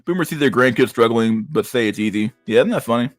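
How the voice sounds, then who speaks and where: A man's voice: mid-range voice, expressive, fast talker, no room sound, soft background music. A man streaming and reacting to chat messages in a blunt, profane way, often stumbling and repeating words. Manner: profane, blunt, restarts a lot. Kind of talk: casual livestream chat.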